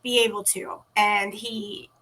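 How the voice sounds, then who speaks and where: Bright, animated woman telling stories. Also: mid-range voice, takes it slowly, a little hiss or hum. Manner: animated, acts out quoted dialogue. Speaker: interview guest, teen podcast organizer. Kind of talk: casual interview storytelling. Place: at home.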